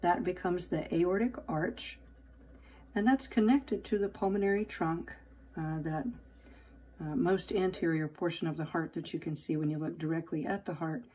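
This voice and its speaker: Mellow, husky woman teaching anatomy. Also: fairly low pitch, normal speed. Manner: explanatory, with fillers and self-corrections. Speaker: anatomy instructor. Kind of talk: recorded lab lecture.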